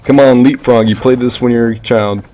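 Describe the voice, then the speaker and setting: A man's voice: medium pitch, fairly even intonation, brisk, dark tone, low-quality recording. A man in casual multiplayer voice chat, bantering wryly with teammates while the game's gunfire plays faintly behind him. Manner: joking, wry banter with teammates. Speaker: gameplay streamer.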